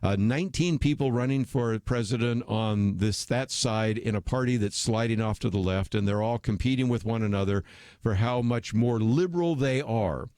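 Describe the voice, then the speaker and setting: A man's voice: mid-range voice, moderate pace, darkish tone, no room sound, clean studio sound. A man hosting a radio talk show, giving opinionated commentary in a conversational way with frequent fillers. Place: radio studio.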